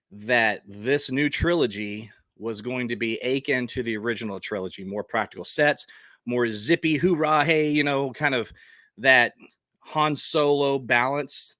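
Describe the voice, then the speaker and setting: A man in his forties vents in a casual vlog, blunt and passionate, and he keeps firing rhetorical questions at his viewers. His voice is bright and forceful, and the sound is dry and close, with little room around it. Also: medium pitch, dry recording. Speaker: vlogger.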